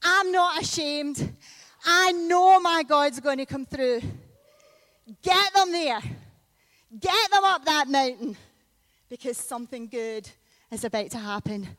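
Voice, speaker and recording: Woman preacher in church, high voice, dry close sound, big loud bursts when she tells the story. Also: slow pace, dry recording. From Scotland. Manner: animated storytelling with sudden loud peaks. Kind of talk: sermon.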